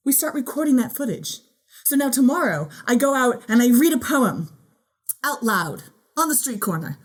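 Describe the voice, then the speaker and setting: A woman delivers a motivational keynote, her voice a touch high and swinging widely in pitch. She talks in a playful, animated way and acts out her own inner voice. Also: moderate pace. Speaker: keynote speaker.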